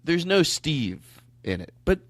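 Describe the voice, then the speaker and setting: A man hosting a comedy podcast, coaxing and animated in casual chat, laughing often. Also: a little high, a little slow, no room sound. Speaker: podcast host.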